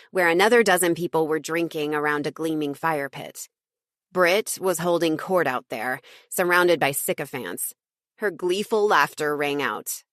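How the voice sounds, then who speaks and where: A woman's voice: lowish voice, fairly bright tone, no echo, studio quality. A woman reading a first-person audiobook in a snarky, wry tone. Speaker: audiobook narrator.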